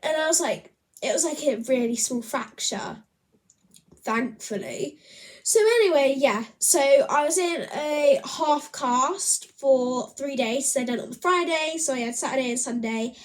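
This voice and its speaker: A woman's voice: high-pitched, expressive, unhurried. A woman chatting to camera in a casual, rambling vlog, often laughing as she talks. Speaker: vlogger.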